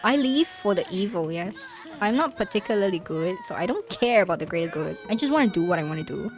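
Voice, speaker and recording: A woman's voice: medium pitch, animated, fairly quick, faint music behind. Dramatic, joking woman streamer. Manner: dramatic, joking, talks to chat. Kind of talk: casual gaming chat.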